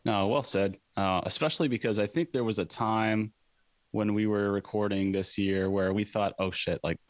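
Deep-voiced, easygoing podcast host, a man. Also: fairly even intonation, moderate pace, no room sound. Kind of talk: casual chat.

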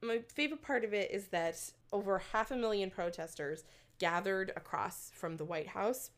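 A woman's voice: medium pitch, moderate pace. A young woman chatting casually, telling a story with many fillers and little laughs. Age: young adult. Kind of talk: casual chat.

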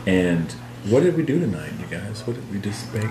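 A woman's voice: very deep voice, normal speed. A woman hosting a casual radio chat, playfully prompting students with questions. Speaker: host interviewing students. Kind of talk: casual kids' radio interview. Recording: echoey room with steady noise.

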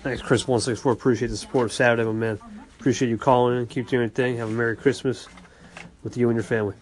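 A man hosting an online station who works through listener call-ins. He keeps a casual, chummy tone and loops the same friendly send-offs. His voice sits at an ordinary middle pitch. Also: flat delivery, quick pace. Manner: friendly, repetitive sign-offs. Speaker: podcast host reading call-ins. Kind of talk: casual call-in shout-outs.

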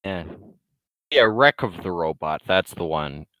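Blunt, forceful man ranting. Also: low voice, animated, measured pace, smooth, no echo, rough recording. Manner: rambling, blunt, full of restarts and fillers. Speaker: vlogger. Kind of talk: casual opinionated rant.

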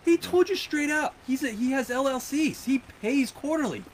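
A man co-hosting a podcast, telling stories in a rambling, animated way. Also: very high-pitched, moderate pace, a little hiss or hum. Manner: animated storyteller, rambling asides. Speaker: podcast co-host. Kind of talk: casual chat, storytelling.

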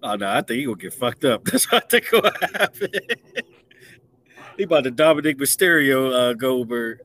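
A man hosting a casual wrestling talk show, animated, slangy and quick to laugh. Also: medium pitch, a little hiss or hum. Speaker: podcast host. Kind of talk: casual chat.

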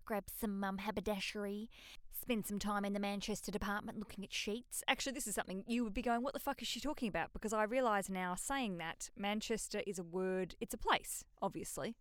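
An Australian woman in her thirties hosts a solo podcast, rambling through stories with cheerful swearing and self-mocking asides. Her voice comes through smooth and clear. The room sounds close and dry. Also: medium pitch, fairly even intonation, brisk, no room sound. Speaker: podcast host. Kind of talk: casual solo podcast chat.

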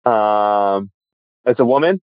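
Male co-host, mid pitch, animated and teasing, dry lo-fi recording. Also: takes it slowly, no echo. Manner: jokey, teasing. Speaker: podcast co-host with his own show. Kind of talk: casual chat. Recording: dull lo-fi sound.

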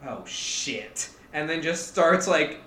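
A man co-hosting a comedy podcast, narrating an improvised story slowly with many hesitations. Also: a little high, expressive, sharp tone, echoey room. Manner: slow, hesitant narration with fillers. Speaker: co-host.

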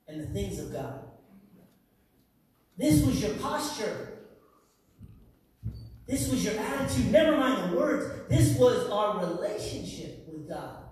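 A man preaching a sermon as a pastor in a church, talking conversationally with frequent "you know" asides. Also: high voice. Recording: echoey hall, distant mic.

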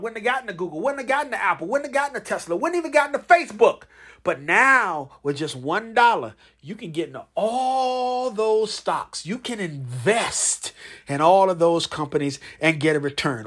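Animated male podcast host, lively pitch. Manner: animated, call-and-response, playful. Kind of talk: casual promotional monologue.

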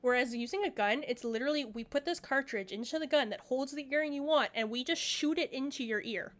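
Co-hosting a podcast, a young woman with a high voice speaks a little fast. She chats casually and rambles, filling her talk with fillers and laughter.

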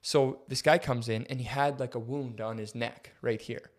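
At an ordinary pace, a young man co-hosting a podcast recounts a story in a relaxed way. When he quotes people, he acts the lines out with big leaps in pitch, keeping things lively.

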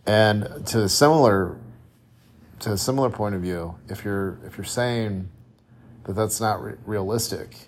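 Male podcast host, fairly low voice, reflective conversational self-help monologue. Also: a little slow. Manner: reflective, conversational, with frequent restarts and rhetorical questions. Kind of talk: solo motivational podcast monologue.

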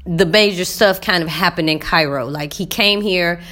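A woman's voice: fairly low pitch, moderate pace, fairly bright tone. A woman vlogger casually recounting a visit, rambling and talking straight to her viewers with frequent fillers.

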